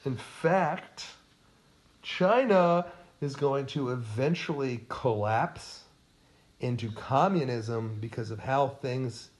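A man's voice: medium pitch, slow. A man co-hosting a casual history podcast, quizzing his co-host in a playful way.

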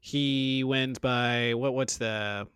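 A man's voice: medium pitch, steady tone, very slow, a bit bright, clear, resonant tone, dry recording. A man co-hosting a podcast, chatting casually with wry, sarcastic remarks. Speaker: podcast co-host. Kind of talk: casual chat.

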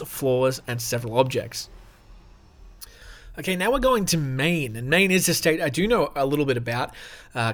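A man hosting a casual podcast, reading notes aloud with off-the-cuff asides, swearing and laughing as he goes. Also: medium pitch. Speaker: podcast host.

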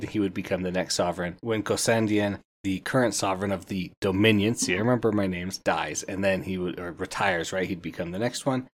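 A man hosting a book podcast, chatting casually through a spoiler review, laughing and quoting the characters as he goes. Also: deep voice.

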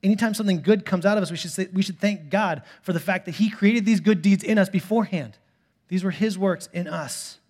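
Animated, fast-talking male pastor preaching. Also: high voice. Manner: animated storytelling, swings from quiet to loud. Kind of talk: sermon. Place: church sanctuary.

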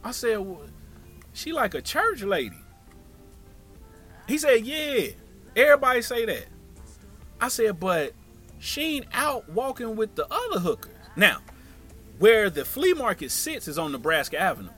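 A man telling a comic story, slipping into quick impressions of the people in it. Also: high voice, slightly rough, soft background music. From Tampa, Florida area. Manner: animated, acts out voices of others.

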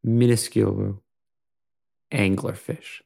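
A man narrating an improvised shared story in a measured, dramatic way, with pauses. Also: lowish voice, flat delivery, creaky, warm tone, slightly rough.

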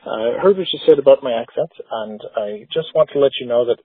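A man putting on an impression of a famous tech billionaire, leaving a rapid, blustery, defensive voicemail. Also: medium pitch, slightly rough, dry recording, narrow, tinny audio, lightly acted. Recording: phone voicemail line.

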